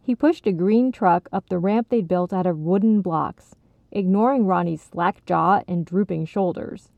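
Female storybook narrator, slow and gravelly, tinny dry sound. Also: lowish voice, dry recording. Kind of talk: storybook reading.

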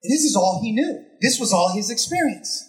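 Animated preacher telling a story. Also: medium pitch, moderate pace. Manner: animated storytelling with rhetorical questions; emphatic, repeats phrases for effect. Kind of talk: conversational sermon.

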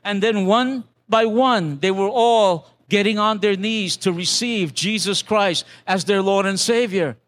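A man's voice: sits high, fairly bright tone. An older man, a pastor, preaching a sermon as a conversational testimony, with restarts and acted-out quotes.

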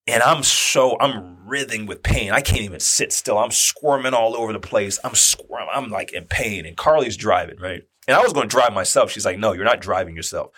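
Animated husky man telling a story. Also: medium pitch. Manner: animated, acts out quoted dialogue. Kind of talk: personal storytelling.

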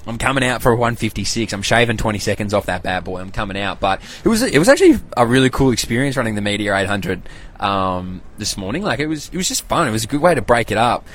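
Australian man, young, podcast host, casual rambling recap, slangy, swears, lowish voice. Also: big pitch swings, fast talker, a bit bright.

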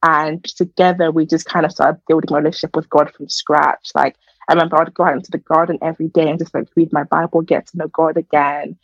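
A woman's voice: deep voice, level tone, fast talker, husky, no room sound, muffled recording. A young woman telling her personal story in a casual, earnest way, full of fillers. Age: young adult. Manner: earnest, chatty, many fillers. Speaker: podcast guest.

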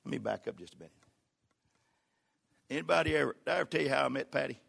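An older pastor delivers a sermon with a gravelly, fry-edged voice. His tone is bright and forceful, and he is folksy and humorous. He swings between shouted exhortation and quiet, confiding storytelling. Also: mid-range voice, animated, very fast.

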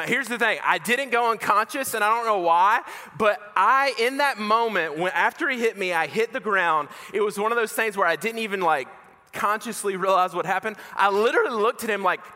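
Bright-voiced preacher in a reverberant hall. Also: male voice, high-pitched. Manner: animated, self-mocking storyteller who acts out dialogue. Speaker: pastor. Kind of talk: sermon with personal storytelling.

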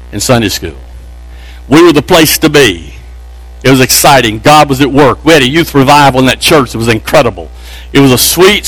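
A man's voice: a bit bright, no room sound, rough recording. A man from Texas, preaching a sermon with emphatic, rising delivery. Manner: emphatic, pitch climbing on key phrases. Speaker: pastor.

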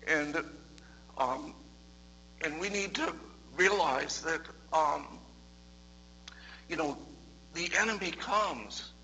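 Guy preaching a sermon, high bright voice, loose and chatty, lots of restarts. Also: creaky, a little hiss or hum, poor audio. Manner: conversational, repeats words, builds in loudness and pitch toward the end. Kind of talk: sermon with storytelling.

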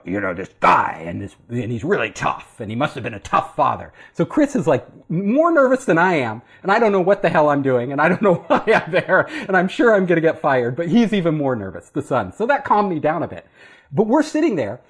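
Animated, laughing man telling a story. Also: a little high, slightly rough. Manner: animated, laughing, acting out quoted voices. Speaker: storyteller guest. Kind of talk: casual anecdote.

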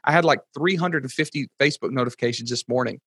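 A man in his thirties, a podcast guest telling stories in casual chat, excitable and rambling with lots of fillers. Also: medium pitch, fast talker, husky, no room sound.

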